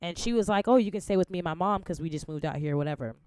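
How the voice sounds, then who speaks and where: A young woman from the Bay Area spins a story in a casual, slangy, profane way, with her voice sitting a little low. The sound is close and dry, with no room around it. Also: racing, clear, resonant tone, dry recording. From San Francisco Bay Area. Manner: slangy, profane, animated retelling. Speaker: podcast host.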